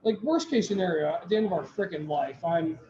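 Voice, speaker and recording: This man has a high, mellow voice and talks fairly quickly while co-hosting a podcast, spinning a long, rambling story with restarts and quoted remarks from others. The setting is a brewery taproom, captured with a dull, echoey sound and chattering crowd.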